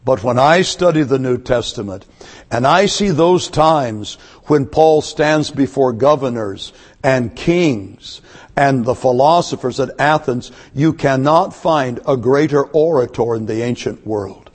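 A man's voice: mid-range voice, measured pace, husky. A man preaching a sermon to his church, emphatic and asking one rhetorical question after another. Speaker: pastor. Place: church service.

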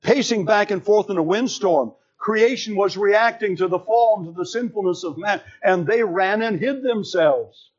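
A man preaching a sermon, slow and emphatic, with dramatic swings in pitch. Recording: dull lo-fi sermon recording.

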